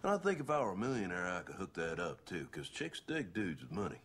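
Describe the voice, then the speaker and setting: A man's voice: low-pitched, very animated, fast, fairly bright tone, slightly rough, heavily acted. An actor playing a laid-back, crude male office worker in a film clip, with a drawling, unbothered manner.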